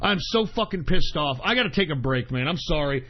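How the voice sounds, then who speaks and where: A man's voice: a little high, expressive, fairly quick. A man hosting an internet radio show, ranting in exasperation, swearing heavily and repeating himself. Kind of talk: angry on-air rant. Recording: dull lo-fi stream audio.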